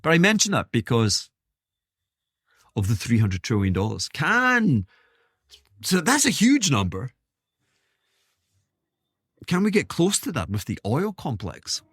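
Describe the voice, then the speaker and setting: A man's voice: mid-range voice, wildly swooping pitch, measured pace, long pauses, fairly bright tone, breathy edge, no echo, studio quality. A man hosting his own podcast, talking in a rambling, self-interrupting way with wry asides. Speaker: podcast host. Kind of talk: casual solo monologue.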